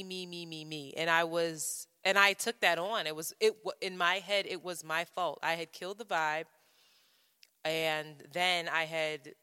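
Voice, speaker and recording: Podcast co-host, female, frank storyteller with a low, crisp voice in a reverberant space. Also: sharp tone. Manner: frank, profane, self-interrupting. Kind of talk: candid personal storytelling.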